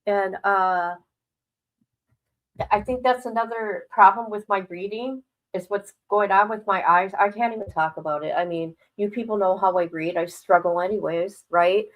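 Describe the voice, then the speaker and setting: A woman's voice: medium pitch, normal speed, lo-fi sound. Candid older woman rambling on a stream. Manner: candid, rambling, swears freely; worried yet laughing it off. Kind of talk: casual livestream chat.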